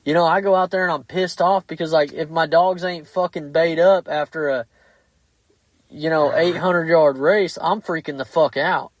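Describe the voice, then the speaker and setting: A man hosting a casual podcast chat, blunt and heavy on profanity, telling animated stories. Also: fairly high pitch, moderate pace, no echo, rough recording. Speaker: podcast host.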